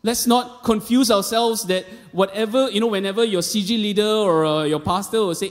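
A man's voice: high-pitched, unhurried. A man in his thirties with a Malaysian English accent, a pastor preaching a sermon and telling stories with quoted voices and casual asides. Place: church auditorium. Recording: long reverb of a large hall.

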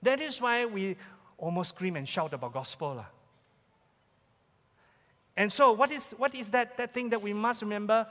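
A man preaches with a Malaysian English accent, pressing his points and repeating his questions to the congregation. His voice sits high for a man. The sound rings with the long reverb of a large church hall. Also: lively intonation, normal speed, long pauses, fairly bright tone. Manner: emphatic, repeats key questions. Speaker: pastor. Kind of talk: sermon. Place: church sanctuary.

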